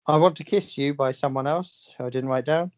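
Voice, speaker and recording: A man's voice: on the high side, a little fast, lo-fi sound. A man co-hosting a podcast in casual chat, blunt and dryly teasing. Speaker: podcast co-host.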